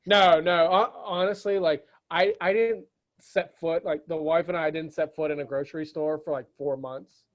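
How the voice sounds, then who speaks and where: A man's voice: on the high side, fairly even intonation, normal speed. A young adult man chatting casually as a podcast guest, often restarting and repeating words. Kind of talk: casual chat.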